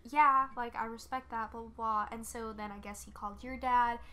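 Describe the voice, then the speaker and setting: A young woman co-hosting a casual podcast, her voice pitched a little high and sharply bright. She tells the story with lively acted-out quotes and keeps breaking into giggles. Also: normal speed. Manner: animated storyteller, acts out quotes, giggles often. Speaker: podcast co-host.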